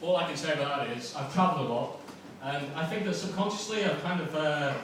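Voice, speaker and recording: Young man, softened Northern Irish accent, stand-up comic, self-mocking banter, slightly high voice, very echoey club heard from afar, noisy. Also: fast talker, recorded from a distance. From Northern Ireland. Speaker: stand-up comedian. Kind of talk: stand-up comedy set. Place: comedy club, live room.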